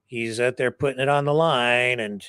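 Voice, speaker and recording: A man's voice: mid-range voice, steady tone, normal speed, fairly bright tone, clean tone, no echo, studio quality. A man hosting a news show with chatty, opinionated commentary and sarcastic asides. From Canada. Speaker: news host.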